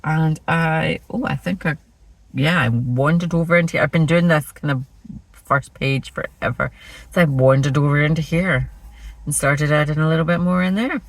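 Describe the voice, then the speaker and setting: A woman's voice: deep voice, moderate pace, no echo, poor audio. Chatty Scottish woman. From Scotland. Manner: chatty, rambling, self-deprecating. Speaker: flosstube host. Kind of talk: casual chat showing cross-stitch projects.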